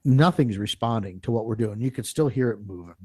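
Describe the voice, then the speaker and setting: A man's voice: fairly low pitch, a little fast, husky, no room sound. A man telling a long field story as a guest in a live interview, acting out what people said and often restarting his sentences. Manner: animated, acts out quoted speech; rambling with frequent restarts.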